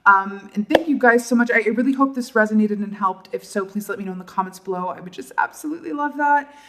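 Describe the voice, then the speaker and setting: A woman doing a tarot reading for her viewers, talking softly and emotionally, with many fillers and trailing pauses. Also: medium pitch, noisy background. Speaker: tarot reader. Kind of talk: casual tarot reading to camera.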